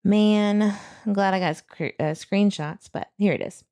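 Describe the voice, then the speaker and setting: A woman's voice: medium pitch, a little slow, darkish tone, smooth, no room sound, studio quality. A woman hosting a true crime channel, talking casually and with frustration to her viewers while she searches online. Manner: frustrated, talks to viewers, laughs between remarks.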